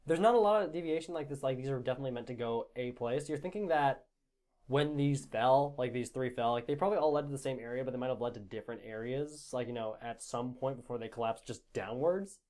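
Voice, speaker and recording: A man runs a tabletop game as game master, his voice sitting at an average pitch. He talks in a laid-back, fairly monotone way, with lots of "like"s. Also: fast. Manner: laid-back, self-described monotone, many "like"s.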